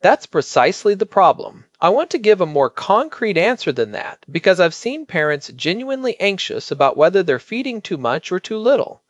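A man co-hosting a podcast as a pediatric expert, explaining in a measured way and stressing key points. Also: high voice, big pitch swings, dry recording, highs cut off.

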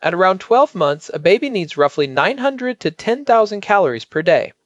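Man, expert podcast co-host, measured and emphatic, high animated voice. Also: no echo, dull audio. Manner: measured, explanatory, emphatic on key points. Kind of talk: explanatory podcast chat.

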